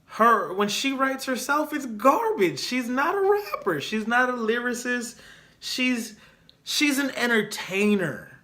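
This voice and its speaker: A young man hosting a casual solo podcast, giving opinionated and animated commentary and repeating his points for emphasis. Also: extremely high pitch, slow pace. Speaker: podcast host.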